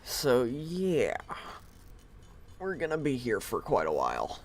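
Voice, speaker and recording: A man's voice: medium pitch, wildly swooping pitch, slow. A man streaming a game live from home on a headset mic, thinking aloud in a rambling, self-deprecating way. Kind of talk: casual live-stream commentary.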